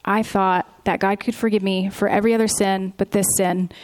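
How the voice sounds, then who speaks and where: Woman co-host, earnest faith testimony, halting and sincere, mid-pitched. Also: level tone, a little mellow, slight background noise. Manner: earnest, with frequent ums and restarts. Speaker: podcast co-host. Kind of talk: candid Christian testimony.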